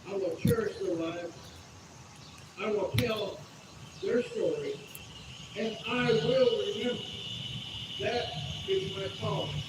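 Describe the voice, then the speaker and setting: A man's voice: high-pitched, slow, long pauses. Solemn male orator echoing from afar. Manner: solemn oratory with rhetorical questions. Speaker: speaker at a commemorative rally. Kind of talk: outdoor speech. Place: outdoors at a state house grounds. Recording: echoey PA sound from a distance, outdoor noise.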